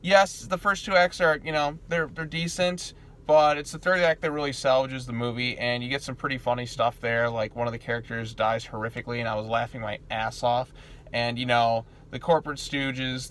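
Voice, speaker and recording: A man's voice: mid-range voice, fairly bright tone. Young male vlogger, mid-range voice, loose offhand movie review with lots of fillers, faint noise behind. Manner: rambling, full of fillers and restarts. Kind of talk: casual spoken movie review. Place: theater parking lot.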